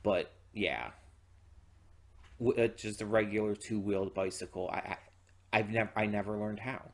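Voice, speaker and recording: A reaction channel host talks at normal speed in a voice on the low side. His casual solo commentary is eager and full of fillers, false starts, and cursing.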